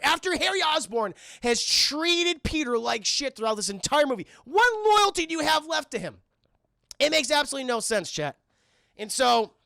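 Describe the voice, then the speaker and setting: Excitable profane film reviewer, gravelly voice. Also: male voice, high voice, no echo, studio quality. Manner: excitable, profane, acts out scenes. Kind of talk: casual live-stream film review.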